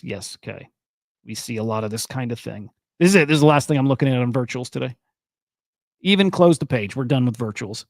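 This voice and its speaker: A man's voice: mid-range voice, brisk, no echo, studio quality. A young man hosting a casual crypto news stream, talking in a loose, rambling and profane way and getting worked up as he goes. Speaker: crypto and NFT news host. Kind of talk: casual live-stream commentary.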